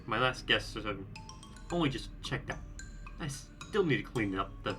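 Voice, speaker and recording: A man's voice: medium pitch, lively intonation, natural voice. A man voicing a creepy, grinning, hunched innkeeper who stresses words oddly, with game music underneath. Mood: creepy cheerful. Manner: slow, oddly emphasized words.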